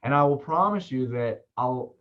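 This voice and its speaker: A man coaching salespeople in a casual, fast talk who keeps checking in with "right?". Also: medium pitch, lively intonation, a bit bright, dull audio. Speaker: sales trainer.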